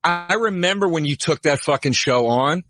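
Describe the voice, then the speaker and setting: A comedian telling a heated story on a podcast, profane and animated. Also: male voice, a little high, normal speed, no echo, soft background music. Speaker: comedian guest.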